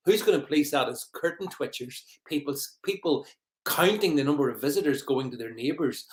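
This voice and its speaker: A man's voice: a little high, brisk, roomy sound. A man hosting a livestream, giving rambling, mocking commentary and greeting viewers. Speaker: livestream host. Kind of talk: sarcastic live commentary.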